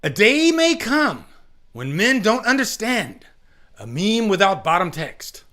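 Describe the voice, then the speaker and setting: A man putting on an impression of a noble warrior king giving a slow, solemn rallying speech. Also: sits high, sing-song, pushed and bright, voice pushed up, full character voice.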